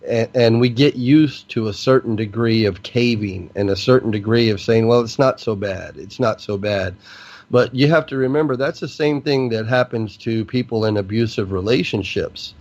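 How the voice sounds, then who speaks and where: A man's voice: mid-range voice, lo-fi sound. A male radio host who interviews carefully and hesitantly, repeating words as he rephrases.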